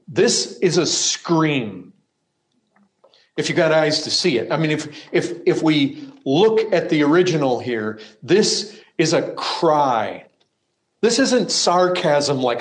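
A male preacher delivers his sermon at an unhurried, measured pace. His voice sits a little high for a man. He leans hard into emphatic lines, then drops to hushed asides. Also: sing-song. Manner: emphatic, swings between loud cries and hushed asides.

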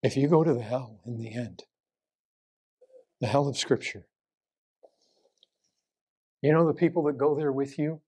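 His husky voice carries a sermon at a measured pace, with frequent pauses and plenty of rhetorical questions. He alternates between urgent, raised delivery and low, hushed speech.

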